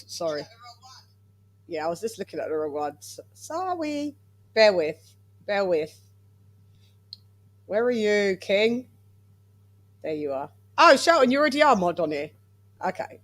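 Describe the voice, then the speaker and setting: A woman's voice: medium pitch, fairly bright tone. A woman from England hosting a casual boxing chat livestream, playful and chatty, singing little jingles as she brings guests in. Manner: playful, sing-song intros, chatty asides. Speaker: livestream host.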